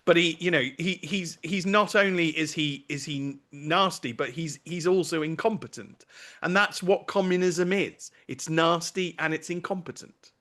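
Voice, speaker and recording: A man's voice: a little high, moderate pace, a bit bright. A man speaking as a guest on a talk show panel, impassioned and indignant. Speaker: guest commentator.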